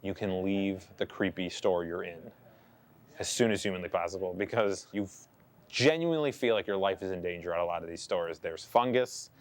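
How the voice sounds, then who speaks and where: A man's voice: sits low, normal speed. A man speaking wryly and dryly in an interview. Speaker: interviewee, tape collector. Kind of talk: wry interview talk.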